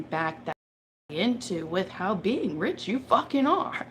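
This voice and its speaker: Slow-talking profane woman with background noise. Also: medium pitch, sing-song, fairly bright tone. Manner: profane, laughs often, ranting. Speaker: tarot reader. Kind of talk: casual rambling monologue.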